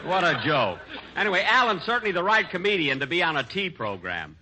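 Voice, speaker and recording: A middle-aged man hosting a 1940s radio comedy, playing a vain, easily exasperated version of himself with sharp comic timing. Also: high voice, sing-song, a little fast. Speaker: comedian host. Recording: noisy 1940s radio broadcast.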